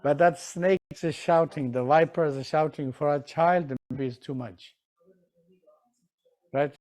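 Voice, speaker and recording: Slow-talking man teaching, often asking "right?". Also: a little high. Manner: non-standard English grammar, keeps checking with "right?"; animated, acts out examples. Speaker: teacher of Tibetan medicine. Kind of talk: live teaching session.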